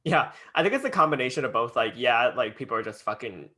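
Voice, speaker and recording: A man's voice: medium pitch, lively intonation, fast talker, pushed and bright. A man co-hosting a podcast, chatting casually and chiming in to fill out a shared story. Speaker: podcast co-host. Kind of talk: casual chat.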